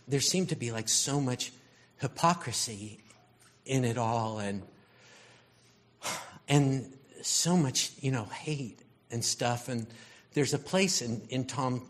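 A man giving a conversational sermon, telling stories in a loose, rambling way with lots of fillers. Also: medium pitch. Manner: rambling, storytelling, frequent fillers. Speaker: preacher.

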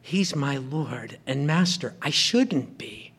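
A man's voice: medium pitch, lively intonation, slow, a bit bright, husky. A man preaching a sermon, retelling a story and acting out the characters' lines.

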